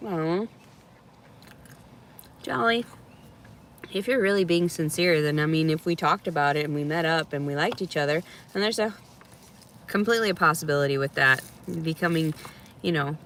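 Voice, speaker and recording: A woman's voice: deep voice, normal speed, long pauses, a bit bright, slight background noise. A woman chatting candidly outdoors in a park, often laughing and swearing freely as she reacts to messages. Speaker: reality show subject reacting to viewer messages. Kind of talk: casual chat.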